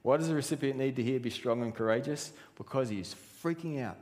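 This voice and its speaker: A man preaches from the front of a church. His voice sits at an ordinary middle pitch and fires off question after question. A long reverb from the large hall trails behind each phrase. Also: fairly quick, a little mellow. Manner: earnest preaching, full of rhetorical questions. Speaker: pastor. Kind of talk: sermon.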